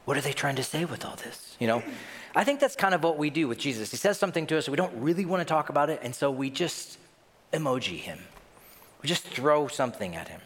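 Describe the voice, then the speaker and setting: Animated male pastor in a reverberant church. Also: a little high, fast. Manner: animated, acts out voices and reactions. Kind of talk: sermon.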